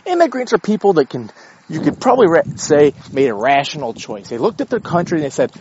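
A man's voice: on the high side, fast talker, lo-fi sound, noisy background. An American man ranting in a casual, blunt and profane way about current affairs. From United States. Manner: profane, blunt, lively and opinionated. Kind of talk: casual rant.

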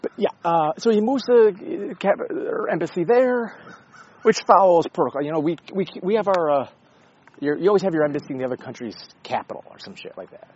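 A man's voice: high voice, animated, a little fast, a little mellow, lo-fi sound, a little hiss or hum. A man talking casually in a rambling, sarcastic way, with frequent swearing and self-interruptions. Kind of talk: casual opinion monologue.

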